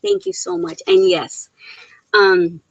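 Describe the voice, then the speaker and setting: A woman's voice: mid-range voice, sing-song, slow, creaky, husky, no echo. A middle-aged woman chats into her laptop on a live stream, giggling between sentences while fighting back tears. The sound is dull and muffled, with a dry, close feel. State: teary, on the verge of crying. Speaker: live Q&A host. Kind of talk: casual live-stream chat reading viewer comments. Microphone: laptop microphone.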